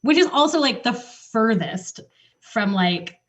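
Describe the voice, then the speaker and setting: A woman co-hosting a casual podcast chat, talking in quick, animated bursts with restarts and the odd swear word. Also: fairly high pitch. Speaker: podcast co-host. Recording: muffled lo-fi audio.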